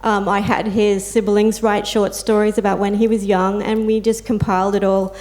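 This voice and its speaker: Una mujer con acento australiano habla como voluntaria de apoyo entre pares, contando historias personales con sentimiento y muletillas. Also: female voice, medium pitch, flat delivery, moderate pace, darkish tone. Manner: heartfelt storytelling with fillers and quoted asides. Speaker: peer support volunteer and carer speaking on a panel. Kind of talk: personal talk to an audience.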